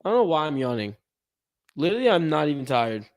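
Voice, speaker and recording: A man's voice: fairly high pitch, very animated, quick pace. A young man co-hosting a sports livestream, chatting casually and rambling while he waits for his partner, yawning now and then. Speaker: podcast co-host.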